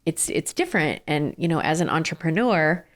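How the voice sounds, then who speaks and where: Guest spot: low-pitched, earnest middle-aged businesswoman, casual and a bit rambling. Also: animated, moderate pace. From southern California. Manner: earnest, with frequent fillers and restarts. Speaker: ice cream company founder and CEO, guest. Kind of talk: casual interview.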